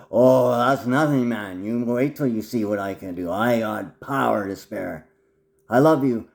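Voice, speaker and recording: A man in a rambling monologue to camera who swears often and swings from a low mutter to loud, high outbursts. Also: vocal fry.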